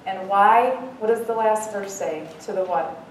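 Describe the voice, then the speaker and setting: A middle-aged woman giving an earnest devotional talk as a Bible study speaker, mixing in lively self-mocking stories. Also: mid-range voice, a little slow. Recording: echoey room, mic far off, faint noise.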